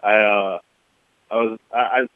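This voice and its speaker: A man calling in as a guest on a sports radio show, talking casually with halting restarts. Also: lowish voice, fairly even intonation, smooth, no echo. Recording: tinny phone line.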